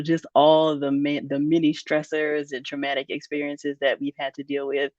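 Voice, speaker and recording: A woman on a panel answering casually, relaxed and full of conversational fillers. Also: low voice, no room sound, dull audio. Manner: relaxed, full of "um" and "you know". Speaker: panel speaker.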